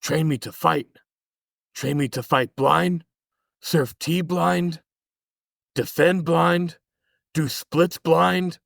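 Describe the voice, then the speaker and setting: A man's voice: a little high, steady tone, very slow, gravelly, long pauses, fairly bright tone, no room sound, clean studio sound, pitched above the performer's own voice, heavily acted. A man voicing a solemn old male martial arts master who speaks in clipped broken English, as a comic podcast impression.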